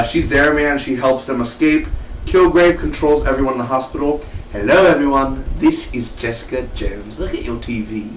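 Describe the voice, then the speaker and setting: A man giving a casual, excitable spoken review of a TV episode, chatty and full of "man" and "dude". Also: medium pitch. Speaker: TV show reviewer. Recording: echoey room, mic at a distance, faint background hum.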